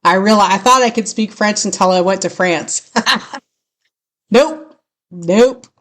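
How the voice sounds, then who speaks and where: A woman's voice: mid-range voice, a little fast, a bit bright. A woman with a California accent hosting a rock radio show, chatty and self-deprecating, laughing often and tripping over her words. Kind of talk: casual rambling show hosting.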